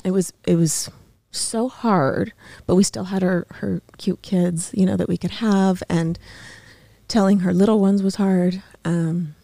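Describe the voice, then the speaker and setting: A woman in her thirties, a podcast guest in a studio, telling a painful personal story haltingly, with many fillers and restarts. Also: fairly low pitch, fairly even intonation, creaky, warm tone, no echo.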